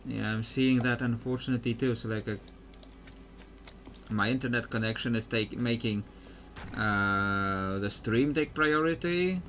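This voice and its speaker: A man's voice: mid-range voice, a little slow, fairly bright tone, slight background noise. Guy streaming a game, rambling, lots of likes and uhs, mid voice. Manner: rambling, many fillers and restarts. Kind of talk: casual gameplay commentary.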